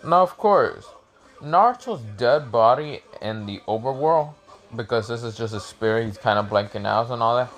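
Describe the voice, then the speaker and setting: A man's voice: medium pitch, normal speed, soft background music. A young man improvising a fan story, rambling and profane, with many fillers and restarts.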